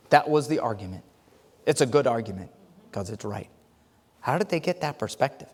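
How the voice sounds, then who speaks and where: A male pastor preaching a sermon, telling a joke story with lively swings from loud to quiet and frequent stammered restarts. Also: medium pitch, fairly quick, long pauses. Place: church sanctuary. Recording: long reverb of a church hall.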